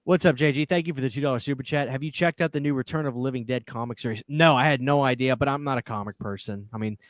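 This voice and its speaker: A man from New Orleans hosts a casual live stream, rambling easily with plenty of fillers. His voice sits at a middle pitch and sounds dry and close, with no room around it. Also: fast, dry recording. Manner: animated, laughs often, many fillers. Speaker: podcast host.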